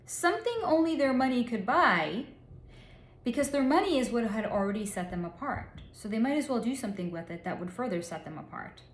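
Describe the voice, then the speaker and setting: A woman psychic passing on what she has channeled, blunt and candid, with a voice a little higher than most. She swears freely and spells out the cruder words. The recording has an echoey, roomy sound. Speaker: psychic reader. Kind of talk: relaying a channeled reading.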